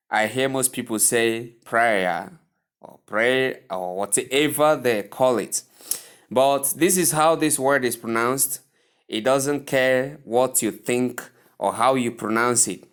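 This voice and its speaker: Slow Nigerian man teaching pronunciation. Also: medium pitch. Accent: Nigerian English. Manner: slow, deliberate, repeats each word several times. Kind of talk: slow instructional lesson.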